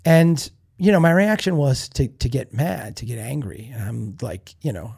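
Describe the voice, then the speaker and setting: A podcast host telling a candid, self-reflective story in a casual monologue, often restarting and repeating words. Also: male voice, mid-range voice, animated, normal speed, vocal fry, darkish tone, breathy edge. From Minnesota.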